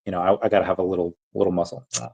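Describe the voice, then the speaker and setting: A man's voice: low-pitched, steady tone, very fast, vocal fry, a little mellow, husky, poor audio. A man casually chatting on a livestream, answering chat questions in a rambling, self-interrupting way with frequent chuckles.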